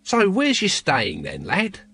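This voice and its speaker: A man's voice: high voice, wildly swooping pitch, slow pace, creaky, a bit bright, breathy edge, voice pushed up, full character voice. A man voicing a lazy, cynical watchman who mumbles and rambles evasively. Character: shifty seasoned male watchman, lazy and cynical.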